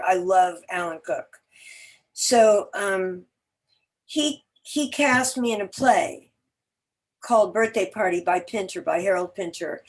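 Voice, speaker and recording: A woman, an actor guesting on a podcast, telling long animated stories in casual chat. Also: medium pitch. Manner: chatty, animated storyteller.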